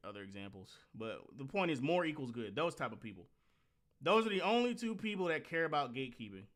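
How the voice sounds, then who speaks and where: A man hosting a reaction commentary, talking bluntly and scornfully with lots of swearing and sudden animated rants. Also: medium pitch. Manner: animated rants with mocking outbursts. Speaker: host.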